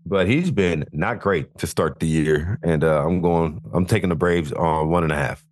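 30s guy, lowish voice, dry close sound, calm and earnest explaining stuff. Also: normal speed, dry recording. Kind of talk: casual sports betting chat.

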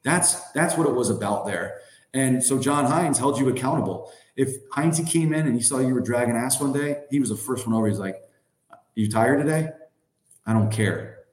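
A man in his thirties, speaking at an ordinary middle pitch, tells casual stories as a podcast guest. His delivery rambles and is full of fillers. The recording has a roomy, echoey sound. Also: expressive, a little fast. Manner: rambling, heavy on fillers like "like" and "you know". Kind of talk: casual storytelling.

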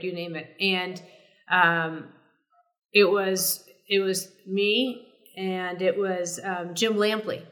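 Animated middle-aged woman telling stories. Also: mid-range voice. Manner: animated, many fillers and restarts. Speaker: sportscaster guest. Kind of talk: casual storytelling interview.

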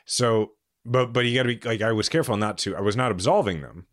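A male podcast co-host telling a story in casual chat, with halting restarts and fillers. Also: lowish voice, no echo, clean studio sound. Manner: hesitant, many restarts and fillers.

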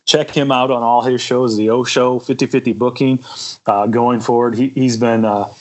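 Give me a male podcast host in casual chat who stumbles over his words, repeats himself, and keeps laughing, with a middle-pitched voice. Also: fairly even intonation, moderate pace, low-quality recording.

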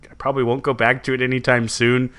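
A young man, co-hosting a podcast in casual, rambling, animated chat. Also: mid-range voice, fast, clear, resonant tone. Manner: rambling, self-correcting and animated. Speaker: podcast co-host.

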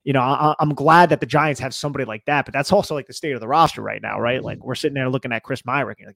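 A man co-hosting a casual sports podcast, animated and conversational with a loose, filler-heavy delivery. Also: mid-range voice, fast, creaky, hardly any pauses, no room sound, studio quality. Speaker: podcast co-host.

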